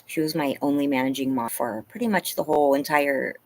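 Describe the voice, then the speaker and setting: Giggly husky woman streaming live. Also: deep voice, brisk, darkish tone, poor audio. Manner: chatty, giggly, reads chat aloud. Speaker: livestream host. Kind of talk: casual live-stream chat. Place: home, yard.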